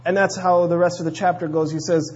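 A man preaching a sermon in an emphatic way, pressing key words hard and dropping low at the ends of phrases. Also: little pitch movement, quick pace, husky, lo-fi sound. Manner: emphatic, swings between loud stresses and low endings.

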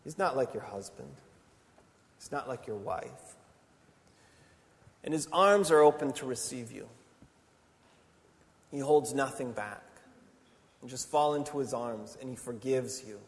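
A man preaching a sermon with passion, shifting between loud, emphatic declarations and soft, intimate appeals to the congregation. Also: mid-range voice, expressive, measured pace, pauses often. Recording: long reverb of a large hall.

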